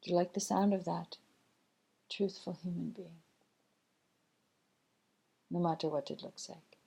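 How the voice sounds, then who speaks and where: A woman channeling a calm teaching spirit. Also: lowish voice, creaky, husky, voice pushed down, exaggerated voice. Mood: gentle teaching. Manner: slow, measured, gently instructive, many pauses. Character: collective loving spirit guide, calm and teaching.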